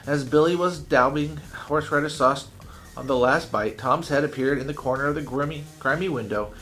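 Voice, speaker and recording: A man's voice: fairly high pitch, faint music behind. Man reading a chapter book aloud. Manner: slow, expressive storytelling.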